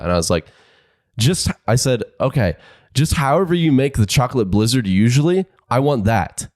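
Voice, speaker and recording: A man's voice: fairly low pitch, lively intonation, fairly quick, no room sound, studio quality. A man co-hosting a podcast, telling a story animatedly, acting out both sides and laughing often. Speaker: podcast co-host. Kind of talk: casual chat.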